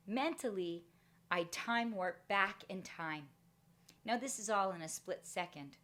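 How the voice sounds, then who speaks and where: A middle-aged woman giving a motivational talk, telling a personal story and acting out the voices in it. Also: mid-range voice. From Canada. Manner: animated, acts out voices in her story. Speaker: motivational speaker.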